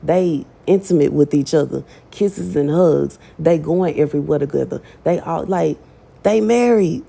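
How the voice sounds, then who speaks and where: A woman's voice: low-pitched, unhurried, vocal fry, warm tone. A woman giving a casual prophetic message to her online audience, chatty and emphatic, with slang and scripture read aloud. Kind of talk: casual prophetic preaching to camera.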